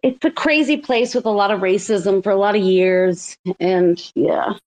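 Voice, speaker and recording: A woman's voice: mid-range voice, normal speed, a little mellow, rough recording. A woman co-hosting an online audio chat, talking casually and rambling, laughing often. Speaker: co-host. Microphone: online audio call.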